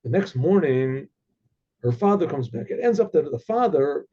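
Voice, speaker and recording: A male rabbi tells a story in a loose, conversational way, doubling back on his words. His voice is high pitched yet dark and husky. It comes through a dull, lo-fi recording. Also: sing-song, normal speed. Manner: conversational, repeats words as he goes.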